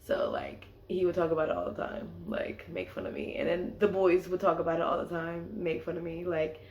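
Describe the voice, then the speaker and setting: A woman's voice: on the low side, animated, brisk. A young woman casually telling a personal story, filling her sentences with "like". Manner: chatty, leans on "like" as filler. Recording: echoey room.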